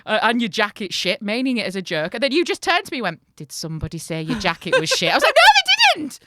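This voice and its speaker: A young woman co-hosting a comedy podcast, telling stories with lively acted-out quotes. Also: medium pitch, fast, no echo, clean studio sound. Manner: animated storytelling, acts out quotes. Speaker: podcast co-host. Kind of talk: casual comedic chat.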